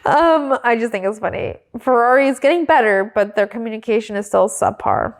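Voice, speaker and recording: A woman's voice: on the high side, fairly quick. A woman co-hosting a podcast, recapping in a casual, chatty way and filling her talk with "like", now and then giggling. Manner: chatty, peppered with "like", breaks into giggles. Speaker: podcast co-host.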